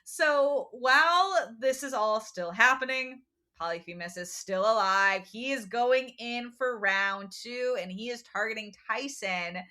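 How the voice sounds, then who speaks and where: A woman co-hosting a podcast, recapping a book in casual chat and acting out quick quotes from the characters. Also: fairly high pitch. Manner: animated storytelling with quick voiced quotes and laughs. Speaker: podcast co-host.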